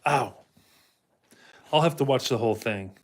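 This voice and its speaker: A man's voice: mid-range voice, moderate pace. A man hosting a casual livestream in a rambling way, reading out chat comments and talking to his dog now and then. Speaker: livestream host.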